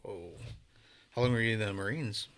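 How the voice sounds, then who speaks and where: A man's voice: fairly low pitch, normal speed, fairly bright tone, clean tone. A man hosting a podcast, mostly giving short reactions as his guest talks. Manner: brief backchannel responses. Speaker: podcast host. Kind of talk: interview listening, short responses.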